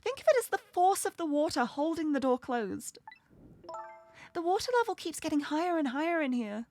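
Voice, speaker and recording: A woman voicing a brave, earnest young woman in a video game, calm and reassuring. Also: sits high, normal speed, faint music behind, pitched above the performer's own voice. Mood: determined.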